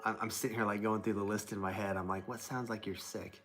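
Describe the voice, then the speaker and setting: A man's voice: fairly low pitch, steady tone, quick pace, a bit bright, a little hiss or hum. Rambling man chatting on a livestream. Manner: rambling, thinks aloud, reads chat comments. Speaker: livestream host. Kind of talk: casual live-stream chat. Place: indoors at a desk with plants. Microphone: laptop mic.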